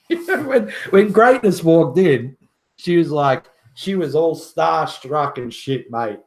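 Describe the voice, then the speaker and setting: A joking, boastful man chats on his livestream, laughing often and swearing. His voice sits fairly high and he talks at a slow, unhurried pace. The sound bounces around an echoey room. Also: animated. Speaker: livestream host. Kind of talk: casual livestream chat.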